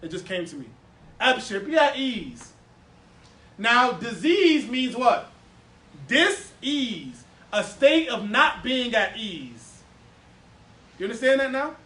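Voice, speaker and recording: Man, high voice, animated teacher working a room; recorded from afar in an echoey hall. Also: slow, long pauses, far from the mic. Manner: animated, playful, repeats words for emphasis, laughs often. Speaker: Islamic teacher giving a class. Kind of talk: lively classroom lesson with audience questions. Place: classroom or hall with a live audience.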